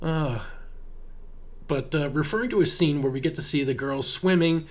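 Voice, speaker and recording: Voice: medium pitch, normal speed. A podcast co-host recapping a horror movie in casual chat, sarcastic and profane, with frequent giggles.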